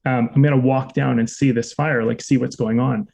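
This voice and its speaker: A man of average pitch tells a personal story on a podcast. He keeps it loose and conversational, drops "like" into nearly every sentence and swears now and then. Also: moderate pace, vocal fry. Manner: relaxed, frequent "like" fillers, occasional swearing. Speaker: podcast co-host. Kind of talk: casual storytelling.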